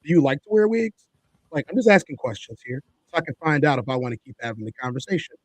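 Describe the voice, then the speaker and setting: A man's voice: mid-range voice, expressive, fast talker, breathy edge, no room sound. A man co-hosting a talk show, giving opinionated commentary in an emphatic, preachy way and repeating his points for effect. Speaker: podcast co-host.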